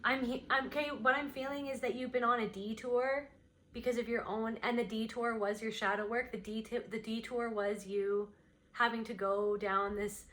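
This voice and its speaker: Higher-voiced woman giving an intuitive card reading. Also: fairly even intonation, normal speed, a bit bright. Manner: meandering and intuitive, voicing impressions as they come. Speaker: tarot card reader. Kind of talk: unscripted pick-a-card reading.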